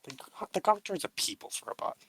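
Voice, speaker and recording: Bright-voiced man giving mock-epic speeches. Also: fairly quick, slight background noise, rough recording. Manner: mock-grandiose speeches, swearing, laughing at himself. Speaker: podcast co-host. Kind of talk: casual unedited chat.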